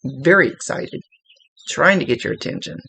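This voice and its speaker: A woman's voice: low voice, lively intonation, normal speed, vocal fry, bright, forceful tone, husky, poor audio. A woman psychic medium giving a casual spoken reading, chatty and explanatory with folksy asides.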